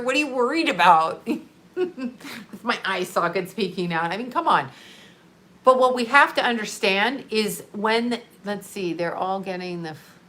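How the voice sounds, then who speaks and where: A woman talking casually on a live stream, animated and sarcastic, often breaking into laughter. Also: medium pitch.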